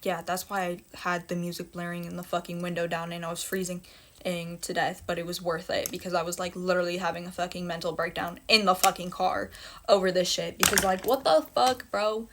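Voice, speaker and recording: A woman's voice: lowish voice, completely flat delivery, fairly quick, noisy background. A young woman telling a personal story in a casual storytime monologue, blunt and emphatic, with heavy swearing and repeated phrases.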